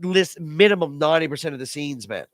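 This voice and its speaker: A man's voice: fairly high pitch, animated, fast talker, no room sound, clean studio sound. A man hosting a podcast in casual chat, making his point emphatically and repeating words as he goes. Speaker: podcast host.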